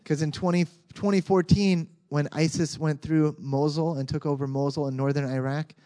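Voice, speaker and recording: Mellow-voiced pastor preaching. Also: male voice, a little high, normal speed. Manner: conversational, animated, with frequent restarts. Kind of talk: sermon.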